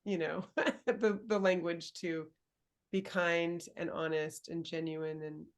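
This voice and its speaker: A woman hosting a casual interview as a coach, speaking thoughtfully and searching for her words with soft laughs. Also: fairly low pitch, level tone, slow pace. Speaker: dating and embodiment coach, host.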